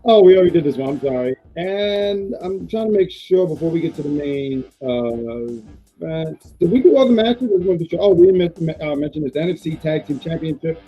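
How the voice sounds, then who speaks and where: Host, male, slightly high voice, loose playful rambler, dull lo-fi stream sound. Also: expressive, brisk, husky, faint music behind. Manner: rambling, filler-heavy, playful. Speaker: podcast host. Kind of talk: casual wrestling prediction chat.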